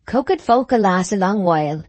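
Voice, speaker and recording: Woman reading as a slow, grumbling old maltster. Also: medium pitch, expressive, darkish tone, no echo, natural voice. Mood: ponderous. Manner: slow, drawn-out rustic speech. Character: aged grumbling male village maltster. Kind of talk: audiobook character reading.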